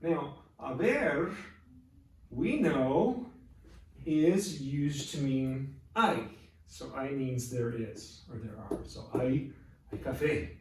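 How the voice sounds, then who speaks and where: A man's voice: medium pitch, animated, very slow. A middle-aged man teaching a Spanish grammar lesson, explaining patiently step by step and checking that his students follow. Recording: echoey room from far off.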